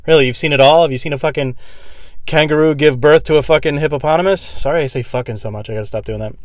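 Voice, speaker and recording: A young man rambling through a profane comic podcast monologue from inside a parked car, breaking into sudden loud screaming bits. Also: on the high side, rapid-fire, no echo, clean studio sound. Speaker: podcast host.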